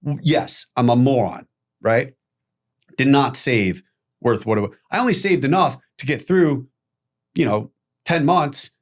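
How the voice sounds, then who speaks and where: A middle-aged man telling his own story as a podcast guest, candid and animated, swearing freely. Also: mid-range voice.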